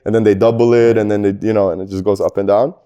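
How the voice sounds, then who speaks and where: A man's voice: lowish voice, little pitch movement, fast talker, mellow, clear, resonant tone. A young man, a rapper guest, telling profane, laid-back anecdotes in casual chat.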